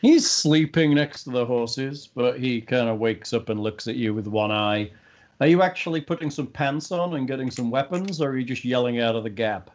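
A man's voice: mid-range voice, moderate pace, highs cut off. A man as game master, describing the scene and questioning the players in a tabletop game.

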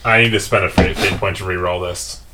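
A man's voice: low voice, fairly even intonation, brisk, background noise. A man playing a tabletop game, wryly bargaining with the game master. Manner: wry, bargaining. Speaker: player. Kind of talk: casual chat at a game table.

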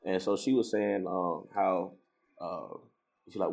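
A man's voice: deep voice, normal speed, vocal fry. A man telling a personal faith story in casual talk, acting out the voices of the people he quotes. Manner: storytelling, animated when quoting others.

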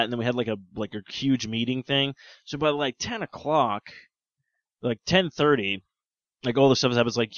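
A man talks loosely and jokingly, padding his sentences with filler words. His voice is bright and tense. The recording is dry and dull, lo-fi. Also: medium pitch, no room sound. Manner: joking, rambling, full of "like" and fillers. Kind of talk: casual chat.

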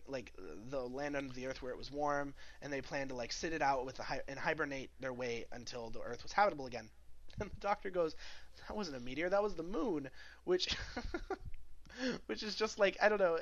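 A man's voice: a little high, a bit bright, muffled recording. A man co-hosting a podcast, recapping an episode in a rambling casual chat full of fillers and laughs. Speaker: podcast co-host.

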